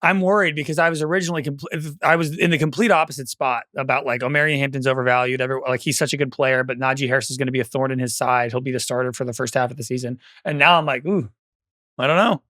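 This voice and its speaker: A man co-hosting a fantasy football podcast, chatting loosely and thinking out loud. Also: mid-range voice, steady tone, rapid-fire, hardly any pauses, dry recording, studio quality. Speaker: podcast co-host. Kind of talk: casual sports chat.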